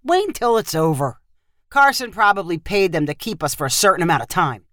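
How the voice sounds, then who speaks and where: A woman's voice: fairly low pitch, big pitch swings, brisk, fairly bright tone, dry recording, studio quality. A woman voicing a cocky young American man in a storybook reading, breezy and joking.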